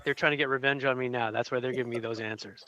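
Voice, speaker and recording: A man's voice: mid-range voice, steady tone, fast talker, bright, forceful tone, dry recording, lo-fi sound. A man trading goofy jokes in live radio banter. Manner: goofy, jokey, playful. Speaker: show regular.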